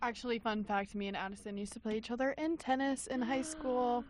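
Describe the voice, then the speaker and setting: A woman's voice: on the high side, fairly even intonation, a little fast, a little hiss or hum. A young woman co-hosting a campus radio show, bubbly and teasing in casual chat. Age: young adult.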